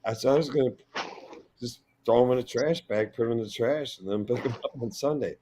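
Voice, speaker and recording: A man's voice: mid-range voice, brisk, dark tone, slight background noise, poor audio. A middle-aged man hosting a casual live stream, telling rambling stories in a blunt, profane way. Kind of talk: casual chat.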